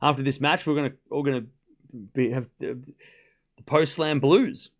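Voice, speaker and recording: A man's voice: mid-range voice, steady tone, moderate pace. A young Australian man hosting a live stream, calling points and chatting with viewers between rallies. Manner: chatty, laughs often, calls points between chat replies. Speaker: streamer and host. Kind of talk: live watchalong commentary, reading chat.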